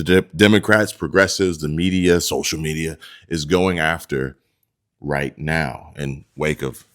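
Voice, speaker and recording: Deep-voiced male political commentator. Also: fairly bright tone. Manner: addresses viewers as folks, restarts and stumbles.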